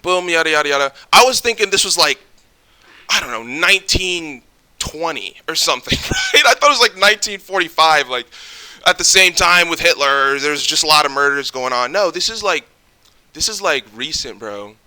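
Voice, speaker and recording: A man tells a story to his viewers in a rambling, profane vlog. His voice is very bright and cutting. It sits slightly higher than most men's and has plenty of fillers. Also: animated, moderate pace. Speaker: vlogger. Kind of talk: casual storytelling reaction video.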